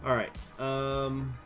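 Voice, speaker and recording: A man hosting a strategy game playthrough, mumbling asides and reading the game's event text aloud in a casual way. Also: medium pitch. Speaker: gaming channel host.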